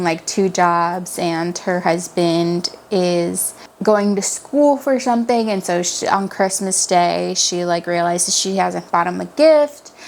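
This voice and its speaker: A woman's voice: fairly low pitch, slight background noise. A young woman giving a casual book review, chatty, giggling often and full of fillers. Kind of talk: casual chat.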